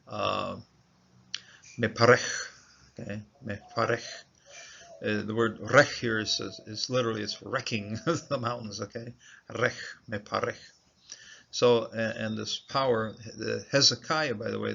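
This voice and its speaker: A man teaching a Bible passage word by word in a halting, informal way, sounding out Hebrew words and checking in with "okay?" after each point. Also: lowish voice, vocal fry, pushed and bright. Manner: halting, many fillers and repeated "okay?" checks. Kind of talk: informal verse-by-verse lesson. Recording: dull, lo-fi recording with faint noise.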